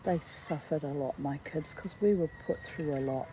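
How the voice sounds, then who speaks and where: Middle-aged woman telling her own story, low dark voice, slow and halting, bit of faint hiss behind. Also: poor audio. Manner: reflective, halting, with frequent asides. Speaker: memoir author reading her own chapter. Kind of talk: personal storytelling read aloud.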